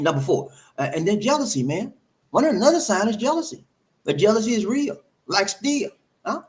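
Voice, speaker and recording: A man giving relationship advice to camera in a preachy, emphatic way, full of rhetorical questions and repetition. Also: on the high side. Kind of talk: talking to camera, advice monologue.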